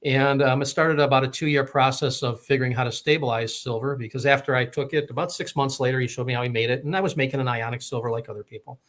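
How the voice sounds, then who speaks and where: A man's voice: mid-range voice, steady tone, fast, few pauses, a bit bright. A man telling a long personal story in a rambling way, full of fillers and restarts. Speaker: guest telling his story. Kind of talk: casual storytelling.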